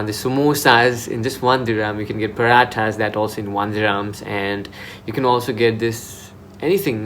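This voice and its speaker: A man's voice: on the low side, a bit bright, a little hiss or hum. A young man in Dubai giving casual advice in a vlog, chatty and informal, often restarting his sentences. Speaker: vlogger.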